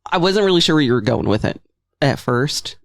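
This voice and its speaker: A man's voice: on the high side, expressive, fairly quick, gravelly, no echo. A man co-hosting a casual podcast, teasing and cracking dry jokes. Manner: joking, teasing, dry quips. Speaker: podcast co-host. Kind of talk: casual banter.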